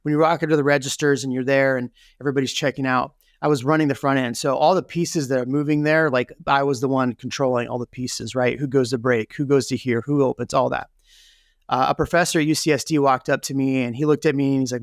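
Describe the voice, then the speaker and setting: Interview guest, male, gravelly tone, candid and chatty, dry sound. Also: medium pitch, fairly even intonation, brisk, dry recording. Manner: candid, lots of fillers like "you know" and "right?". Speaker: real estate team leader, guest. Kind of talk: conversational interview storytelling.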